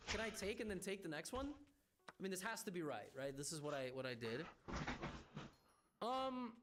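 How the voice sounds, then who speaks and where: Streamer type, man, higher than average voice, talks himself through moves with restarts and dry jabs, faint noise behind. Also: very animated, moderate pace, pauses often. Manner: ponders moves aloud, stammering restarts, wry teasing. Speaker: chess streamer. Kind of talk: thinking aloud while playing chess.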